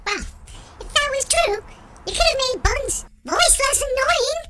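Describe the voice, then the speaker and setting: A performer voicing a snarky puppet character with a squeaky, put-on British accent. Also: lively intonation, a little slow, roomy sound, very noisy. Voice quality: squeaky, very high. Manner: snarky, cheeky.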